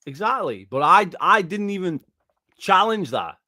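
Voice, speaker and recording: A man's voice: high-pitched, big pitch swings, unhurried, pushed and bright, no room sound, studio quality. Profane, indignant man ranting. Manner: profane, indignant, repeats himself. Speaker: gaming YouTuber reacting to a response video. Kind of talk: angry reaction rant.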